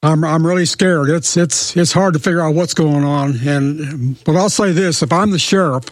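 An older man, a sheriff candidate, speaking as a guest in a radio interview in an earnest, halting way. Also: fairly high pitch, no echo. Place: radio studio.

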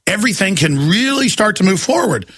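Man, radio host, ranting, shouting, bright tense voice. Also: high-pitched, big pitch swings, a little fast, slightly rough. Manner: angry, shouting, accusatory.

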